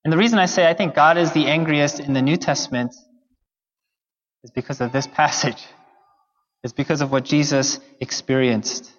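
A man's voice: on the high side, fairly even intonation, normal speed, pauses often. A man preaching a sermon to his congregation, earnest and conversational, with occasional fillers. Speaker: pastor. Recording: dull sound in a long-echo hall.

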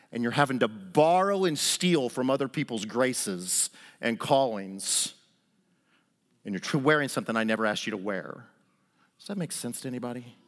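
A man preaching a sermon, telling a story with animated delivery and acting out the quotes. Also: a little high. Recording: hall reverb.

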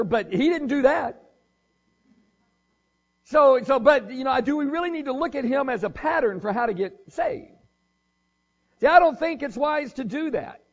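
High-voiced husky male preacher. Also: dull audio. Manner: casual, joking, thinks aloud with restarts. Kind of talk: conversational sermon.

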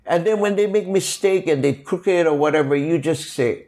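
A man's voice: on the high side, normal speed. An older man from Hawaii with a Hawaiian Pidgin-inflected accent, telling stories in an interview with many fillers and acted-out quotes. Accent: Hawaiian Pidgin-inflected English. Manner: animated, acts out quoted voices, many fillers. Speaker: guest, kapa maker. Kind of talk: storytelling interview.

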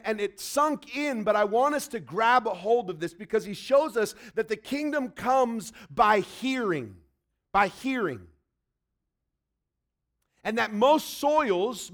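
A man's voice: high voice, fairly bright tone. A man preaching a sermon in a conversational way, acting out little quotes. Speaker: pastor.

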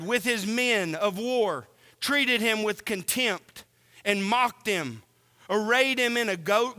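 A man preaching a sermon, slow and earnest, asking the congregation questions as he reads from scripture. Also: high-pitched, pushed and bright, clean tone, long reverb tail.

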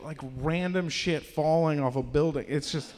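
A young man with a fairly high voice works through a rambling, self-deprecating stand-up set, now and then breaking into loud put-on voices. His mic picks up a live room with a long, ringing reverb behind him. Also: moderate pace, very noisy. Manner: rambling, self-deprecating, acts out characters loudly. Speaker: stand-up comedian. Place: live comedy venue.

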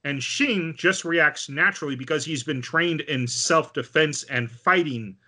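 Bright-voiced man recapping an anime. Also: on the high side, a little slow. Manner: animated storytelling with many fillers. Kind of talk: casual chat recapping an anime.

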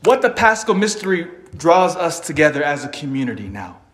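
Animated male preacher, slightly high voice. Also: brisk, reverberant. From Philippines (family). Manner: animated, dramatic swings between loud emphasis and quiet asides. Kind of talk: sermon.

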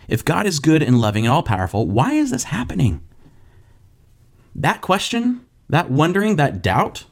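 A young man preaching a sermon on a podcast, telling the story with animated asides and acting out voices of the disciples and Jesus. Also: fairly high pitch. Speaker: pastor.

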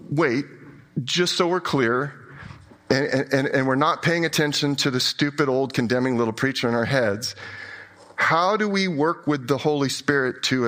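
A mid-range male voice belongs to a pastor delivering a sermon in a conversational, self-deprecating style. He swings between quiet asides and emphatic peaks.

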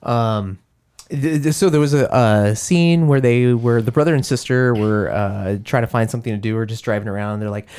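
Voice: mid-range voice, moderate pace, a little mellow, smooth. A podcast co-host chatting casually and laughing easily. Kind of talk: casual chat.

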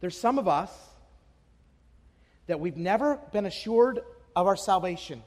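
Pastor, man, high voice, impassioned sermon in a church with a long echo. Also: animated, unhurried. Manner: passionate preaching, swinging between hushed and shouted. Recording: long hall reverb.

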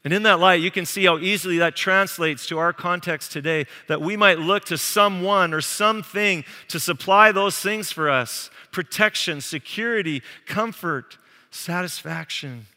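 A man preaching a sermon as pastor, animated and acting out quoted voices. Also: high voice, moderate pace. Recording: long hall reverb.

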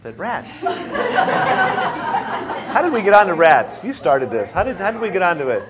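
A man leading a classroom discussion as the instructor, telling stories with animated laughter. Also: high-pitched, measured pace, crowd noise. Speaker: seminar instructor. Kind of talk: teacher leading a group discussion.

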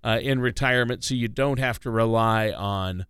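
Smooth-voiced male radio co-host. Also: medium pitch, moderate pace, fairly bright tone, dry recording. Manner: jokey, easygoing, many fillers. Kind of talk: casual radio talk.

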